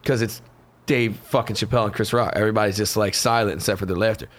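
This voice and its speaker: A man in casual chat, co-hosting a podcast and telling stories in a profane, animated way. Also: fairly low pitch, fast talker.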